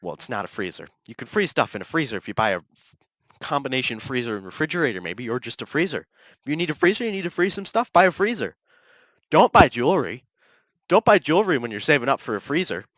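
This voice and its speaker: A young man hosting a solo podcast, ranting repetitively in mock heated outrage that keeps escalating into near yelling, close to the mic in a small dry room. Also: medium pitch, big pitch swings, quick pace, dry recording, poor audio. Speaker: podcast host. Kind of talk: solo comedic rant.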